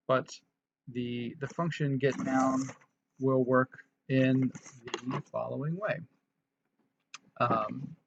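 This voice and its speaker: A man with a gravelly voice teaches a casual programming tutorial. He thinks aloud as he goes, with restarts and fillers. The sound is dull and lo-fi, with faint keyboard clicks behind him. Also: mid-range voice, slight background noise. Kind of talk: casual screen-recorded coding tutorial.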